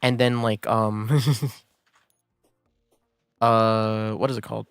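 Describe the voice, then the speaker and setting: A man's voice: fairly low pitch, flat delivery, slow pace, creaky, a bit bright, clear, resonant tone, no echo, clean studio sound, soft background music. A man streaming a game, telling a story in a casual, rambling way with many fillers and restarts. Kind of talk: casual storytelling while gaming.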